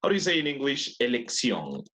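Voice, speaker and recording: A man's voice: mid-range voice, huge pitch swings, brisk, fairly bright tone, low-quality recording. A man teaching an English class over a video call, patiently repeating his questions to prompt his students.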